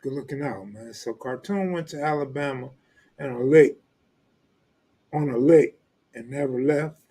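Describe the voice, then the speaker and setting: A man's voice: medium pitch, unhurried, warm tone, slightly rough. A man from California, hosting a live stream, chatting casually in loose street slang and joking with viewers. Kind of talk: casual chat reading live comments.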